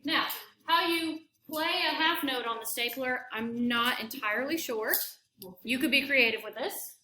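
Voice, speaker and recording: A woman's voice: sits high, a little slow, bright, forceful tone, roomy sound, slight background noise. A woman choir teacher leading a classroom demonstration, upbeat and counting rhythms aloud in syllables. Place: school classroom.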